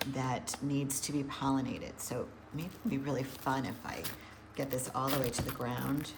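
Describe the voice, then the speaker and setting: A woman's voice: extremely low pitch, steady tone, moderate pace, noisy background. A woman who coaches nutrition, chatting casually to viewers and thinking aloud as she works with plants in an indoor grow room. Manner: chatty, rambling, thinks aloud while working. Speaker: hydroponic gardener and nutrition coach. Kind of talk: casual live chat to viewers.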